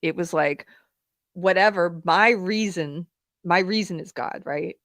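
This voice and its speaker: A woman hosting a live talk show, telling a personal story in a candid, animated way with fillers and laughs, at times close to tears. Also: lowish voice, measured pace, no room sound. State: emotional, near tears. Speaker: podcast host. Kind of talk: live-streamed commentary, personal anecdote.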